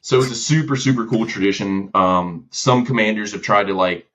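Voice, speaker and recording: A man's voice: fairly low pitch, moderate pace, muffled recording. A man guest on a podcast, telling a story casually with slang and quoting what others said. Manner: slangy, lively, quoting others in his stories. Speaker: podcast guest, former gunship gunner.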